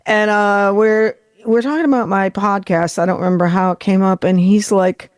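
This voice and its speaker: A woman from western New York hosting a podcast in casual chat, animated and slipping into voices as she tells stories. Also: medium pitch, moderate pace, few pauses, dry recording, clean studio sound. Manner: animated, slips into voices when telling stories. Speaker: podcast host.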